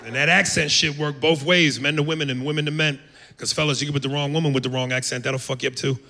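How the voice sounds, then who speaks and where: Brash gravelly comedian man. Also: a little high, fairly even intonation, fast talker, sharp tone. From United States. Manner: brash, profane, acts out accents. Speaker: stand-up comedian. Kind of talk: stand-up comedy set. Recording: long hall reverb.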